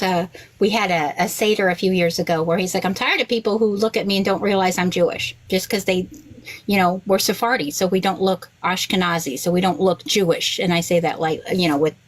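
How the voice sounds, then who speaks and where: Woman, forties, rabbi, casual podcast guest, lively storyteller, voices her son in the quotes. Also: poor audio. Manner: animated storyteller, quotes others with big pitch jumps.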